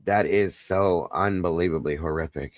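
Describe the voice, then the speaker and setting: Deep-voiced man hosting a livestream. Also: normal speed, no room sound, clean studio sound. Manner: soft, consoling, emotional. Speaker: livestream host. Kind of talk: live stream chat, reading comments.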